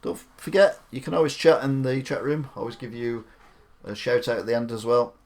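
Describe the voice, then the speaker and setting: A man's voice: mid-range voice, steady tone, fairly quick. A man hosting a live stream, giving chatty, opinionated commentary with rambling asides.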